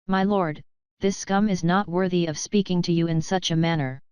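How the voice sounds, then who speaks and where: A woman's voice: fairly low pitch, steady tone, normal speed, darkish tone, clear, resonant tone, no room sound, studio quality, natural voice. A woman reading the lines of a loyal, child-shaped iron golem servant in an audio novel, stiff and respectful. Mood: devoted.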